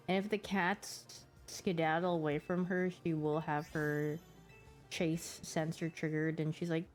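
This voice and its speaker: A woman's voice: on the low side, darkish tone. A woman streamer chatting casually and giggling, acting out her pet's reactions as she talks. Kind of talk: casual chat.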